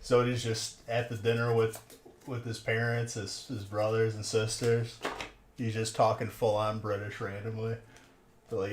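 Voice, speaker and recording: A man's voice: fairly low pitch, level tone, normal speed. A man hosting a casual livestream, bantering and teasing his chat viewers. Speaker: livestream host of card box breaks. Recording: echoey room, faint background noise.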